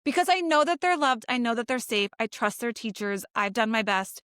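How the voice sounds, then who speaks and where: A woman in her thirties, a podcast co-host, telling animated stories about school drop-offs, her pitch rising when she gets emphatic. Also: brisk, no echo, studio quality. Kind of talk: casual chat.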